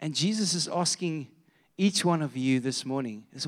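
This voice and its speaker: Animated man preaching a sermon. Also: a little high, moderate pace. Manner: animated storytelling, laughs and restarts often. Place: church.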